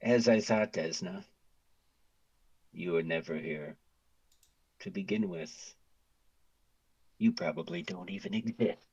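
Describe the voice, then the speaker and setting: A man puts on a young cult fanatic woman, full of hatred. She talks slowly and deliberately, each line a cold verdict. The voice stays deep and a little husky, and the recording sounds dull. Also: heavily acted. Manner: slow, venomous declarations. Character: young woman zealot, hateful fanatical cultist.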